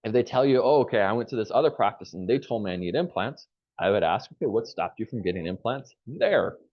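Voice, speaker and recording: Male trainer, low voice, dull call audio, lively coaching with acted-out lines. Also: fast talker. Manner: energetic coaching, acts out quoted phone lines. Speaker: phone skills trainer. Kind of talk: live online training session.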